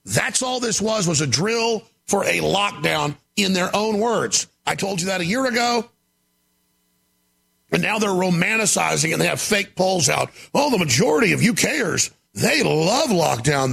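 A man hosting a talk show, delivering an emphatic, ranting monologue with a gravelly voice. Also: a little high. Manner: gravelly, shouting, emphatic rants.

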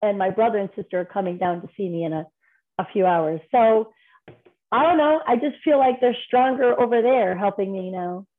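A woman guest on a podcast, telling personal stories in a candid, rambling way with quick restarts. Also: mid-range voice. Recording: tinny phone-like line.

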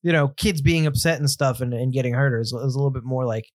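A man chatting casually about a movie, relaxed and quick to laugh. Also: mid-range voice, no echo, clean studio sound. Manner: relaxed, laughs easily, drifts into mock quotes. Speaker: movie podcast co-host.

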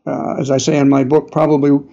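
A man's voice: a little high, little pitch movement, brisk, gravelly, mellow. An older man with a New England accent, an author telling long stories as an interview guest, full of uhs and restarts. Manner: rambling, many uhs and restarts. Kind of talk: interview storytelling. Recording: dull lo-fi audio.

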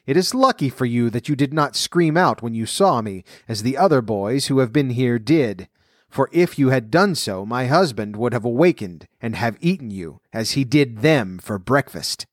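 A loud, bossy one-eyed giantess from a storybook, put on by a man reading aloud. She scolds and commands in a booming tone, slightly raised in pitch. The sound is dry and close. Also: expressive, normal speed, no echo, lightly acted.

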